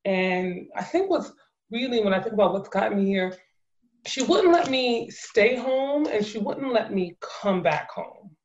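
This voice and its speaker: A woman in her thirties, originally from New Jersey, talks through her path as an interview guest, at an ordinary middle pitch for a woman. She tells it with energy, acting out what others said and laughing along the way. The sound is a bit muffled and lo-fi. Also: a little slow. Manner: animated storytelling with laughs and acted-out quotes. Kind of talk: conversational interview. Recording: muffled lo-fi audio.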